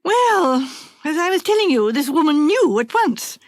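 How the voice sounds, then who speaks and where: A woman's voice: high-pitched, big pitch swings, measured pace, no room sound, studio quality, pitched above the performer's own voice. A woman reader voicing a fretful, self-pitying invalid wife in a storybook reading, plaintive and dramatic. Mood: complaining.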